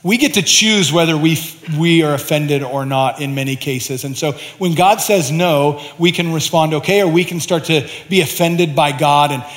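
A pastor telling personal stories in a sermon, acting out the quoted dialogue himself. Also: male voice. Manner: storytelling, acts out quoted dialogue with rising pitch. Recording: reverberant hall.

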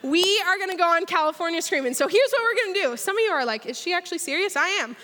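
A woman delivers an energetic, story-driven sermon to a church crowd. Her voice sits high and bright. A long reverb from the large hall trails after her words. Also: fast talker. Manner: energetic, storytelling, leads the crowd in a pretend ride. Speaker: speaker at church.

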